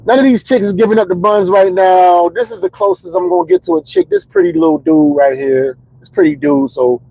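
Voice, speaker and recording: A man's voice: high voice, sing-song, brisk, gravelly, warm tone, full character voice, rough recording. A man quoting a blunt, flirty tough woman. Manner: blunt, matter-of-fact.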